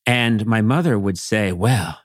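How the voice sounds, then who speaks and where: A middle-aged man from Massachusetts, a podcast guest telling comic stories with animated, playful swings into character voices. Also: medium pitch, normal speed, no echo, studio quality. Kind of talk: comic storytelling.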